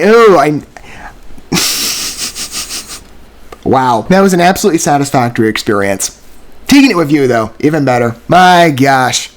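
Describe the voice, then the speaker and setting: Effusive rambling male music reviewer. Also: medium pitch. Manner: effusive, rambling, self-correcting, frequent gushing exclamations. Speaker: music reaction channel host. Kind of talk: casual spoken music review.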